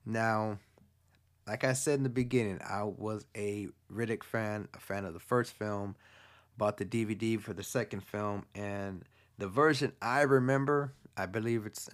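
Rambling, swearing man recapping a movie. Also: lowish voice. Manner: rambling, profane, filler-heavy. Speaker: movie fan recapping a film.

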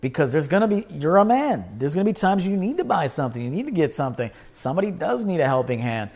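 A man with a slightly high voice talks straight at his listeners as the host of his own show. He is blunt and emphatic, swears freely and hammers points home by repeating them. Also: sing-song, fast, a little mellow. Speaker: podcast host. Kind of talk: casual livestream monologue.

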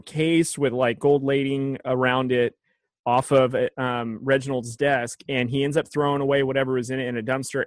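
A man's voice: mid-range voice, dry recording. A man casually discussing a TV episode, reflective and full of fillers like "you know". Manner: reflective, filler-heavy with many likes and you knows. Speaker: podcast co-host.

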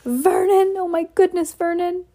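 A woman reading aloud and voicing a shrill, nervous aunt with a quivering voice. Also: moderate pace, dark tone, natural voice. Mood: frightened. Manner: quivering, high and anxious.

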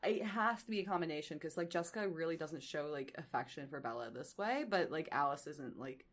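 A woman's voice: sits low, expressive. A woman co-hosting a casual podcast, rambling and filling nearly every phrase with "like". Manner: rambling, fills every pause with "like". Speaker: podcast co-host. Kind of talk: casual chat.

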